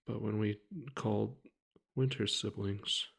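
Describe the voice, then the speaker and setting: A man speaks slowly in a low, gravelly voice as he tells his own story to the camera. He halts often and restarts his sentences, and his speech stays quiet and heavy throughout. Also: fairly even intonation. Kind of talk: personal account told to camera.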